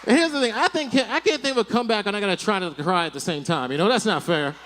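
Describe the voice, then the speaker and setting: A man doing a stand-up set on a comedy club stage, telling stories in a rapid, animated way with bursts of mock panic. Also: high voice, some chatter behind, a little hiss or hum.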